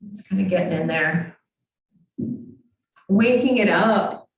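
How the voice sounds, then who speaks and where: A woman's voice: medium pitch, slow pace. Echoey, distant woman guiding yoga. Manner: calm, encouraging step-by-step cues. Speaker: yoga teacher. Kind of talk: guided yoga instruction. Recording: very echoey room, far from mic.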